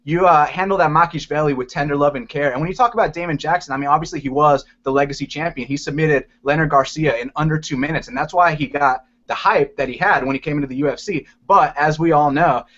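A man co-hosting a casual fight-picks chat, talking with energetic, playful emphasis. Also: a little high, fast talker, hardly any pauses. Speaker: MMA podcast co-host. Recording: lo-fi muffled audio.

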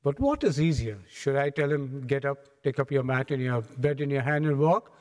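A man's voice: medium pitch, animated, moderate pace, darkish tone, long reverb tail, lightly acted. A man acting out a commanding male teacher who challenges his critics and demands answers. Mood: challenging.

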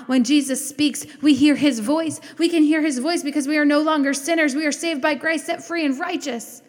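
A woman preaching a sermon with impassioned, rising declarations that slow into soft prayer. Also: sits high. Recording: long hall reverb.

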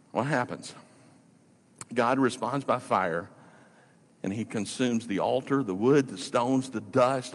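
A male pastor preaching a sermon, telling a story in a lively way with playful, mocking asides. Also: medium pitch, breathy edge, big-room sound.

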